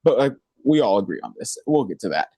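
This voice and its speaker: A young man co-hosting a podcast, chatting excitedly with lots of filler words. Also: lowish voice, quick pace, breathy edge, dry recording. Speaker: podcast co-host. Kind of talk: casual chat.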